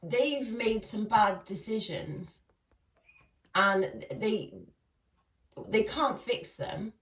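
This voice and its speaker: A woman's voice: mid-range voice, lively intonation, very slow, a bit bright. A woman doing a casual tarot reading, chatty and laughing often as she talks to her viewers. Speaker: tarot reader. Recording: echoey room, far from mic.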